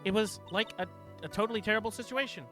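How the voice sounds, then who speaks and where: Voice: mid-range voice, fast, a bit bright, soft background music, voice pushed up, lightly acted. A streamer voicing a ditzy valley-girl young woman from a courtroom game, filling every sentence with "like". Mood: whiny. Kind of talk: reading game dialogue aloud.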